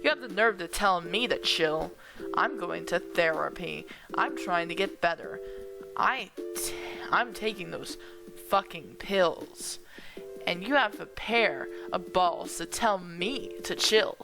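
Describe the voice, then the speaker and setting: A woman's voice: on the low side, lively intonation, takes it slowly, gravelly, full character voice. A woman voicing an insecure, volatile young woman partner in a visual novel, defensive and explosive, her voice cracking. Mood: furious. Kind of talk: reading visual novel dialogue aloud. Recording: phone-like line with music behind.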